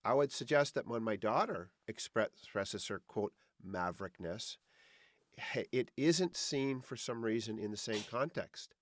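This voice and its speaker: Man, low voice, chatty rambling podcast host, dry sound. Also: animated, a little slow, dry recording. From Canada. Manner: chatty, rambling, many restarts. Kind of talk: podcast interview.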